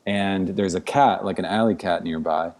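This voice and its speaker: A man's voice: low voice, moderate pace, a little mellow. A man, a podcast guest, telling a story in casual conversation, rambling with many "like" fillers. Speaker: podcast guest, outdoor educator.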